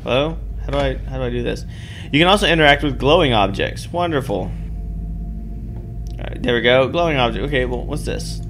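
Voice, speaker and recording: A man's voice: medium pitch, animated, a little fast, noisy background. A man playing a game, chatting casually, reading the on-screen text aloud and swearing now and then while joking about himself. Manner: self-deprecating, chatty. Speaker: let's play host. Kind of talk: casual gameplay commentary.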